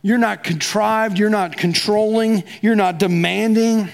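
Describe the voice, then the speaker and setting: Pastor guy giving a sermon in church, chatty, does little back and forth voices, kinda high voice. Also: steady tone, a little slow, vocal fry. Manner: conversational, acts out both sides of quoted dialogue.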